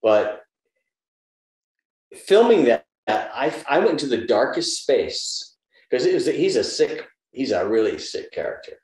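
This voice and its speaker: A man's voice: medium pitch, very animated, measured pace, a little mellow. Reflective older man in an echoey room. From United States. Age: 70s. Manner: thoughtful, storytelling, gives advice. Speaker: interview guest, actor. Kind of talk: reflective conversational interview. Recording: roomy echo.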